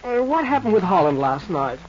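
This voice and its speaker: An edgy, eager young son. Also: male voice, high-pitched, sing-song, brisk. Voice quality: eager, jittery. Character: eager impatient young son, detective's helper. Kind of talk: 1940s radio acting. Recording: muffled old radio recording, faint hiss.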